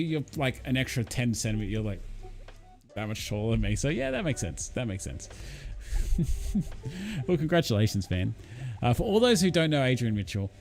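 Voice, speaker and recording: This man's voice is medium-pitched with a darkish tone. Hosting a relaxed livestream, he reads the live chat and responds to viewers warmly and loosely, rambling along with plenty of fillers and restarted sentences.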